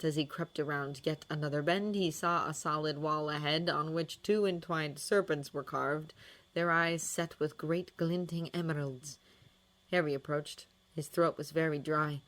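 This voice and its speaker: A woman narrating a fan fiction audiobook with expressive, dramatic storytelling. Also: low-pitched.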